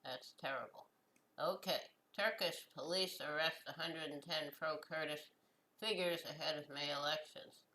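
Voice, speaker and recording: A woman hosting her own show, reading news headlines and adding short comments, slow and halting with many fillers and restarts. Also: low voice, steady tone, pushed and bright, slight background noise, poor audio. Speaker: host.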